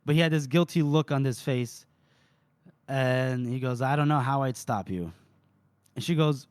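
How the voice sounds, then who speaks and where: A man's voice: medium pitch, moderate pace, clean tone, no echo. A man co-hosting a podcast, casually retelling book chapters and quoting the characters' lines with frequent laughter. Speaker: podcast co-host recapping chapters. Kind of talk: casual book recap chat.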